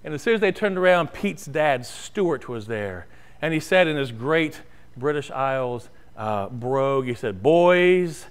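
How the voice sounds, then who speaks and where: A man's voice: mid-range voice, lively intonation, a little slow, clear, resonant tone. A man preaching a sermon and telling a story in a church sanctuary, then leading a prayer. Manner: storytelling, rising and falling, ends in prayer. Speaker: pastor.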